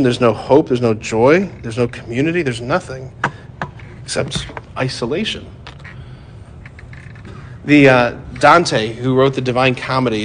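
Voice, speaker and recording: His sermon sounds like a conversation, full of "like" and "right?", moving from jokes on the side to hushed, serious emphasis. He speaks in a mid-range voice, and there's a little hiss or hum.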